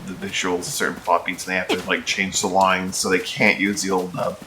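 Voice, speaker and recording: Deep-voiced man rambling over gameplay. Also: level tone, a little fast, sharp tone, slight background noise. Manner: rambling, thinks aloud with restarts and asides. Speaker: streamer. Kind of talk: casual gameplay commentary.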